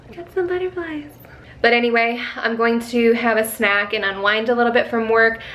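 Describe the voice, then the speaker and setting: A chatty young woman talks casually at home, and her voice sits a little higher than most. She rambles and restarts her sentences as she thinks aloud. It sounds like a relaxed personal vlog. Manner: chatty, rambling, with frequent laughs and self-corrections; coos in a high voice when talking to her dogs. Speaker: vlogger and author.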